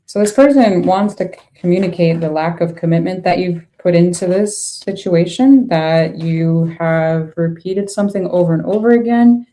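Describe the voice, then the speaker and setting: A young woman talks through a tarot reading in a casual, unscripted way. Her voice sits a little low and has a dark, mellow tone. She is blunt and exasperated, and she swears freely as she reacts. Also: moderate pace, hardly any pauses. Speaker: tarot reader.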